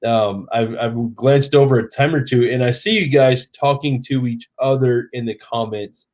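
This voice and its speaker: A man's voice: mid-range voice, steady tone, normal speed, darkish tone. A man in his thirties, tipsy, hosting a live stream in chatty, rambling casual talk. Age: 30s.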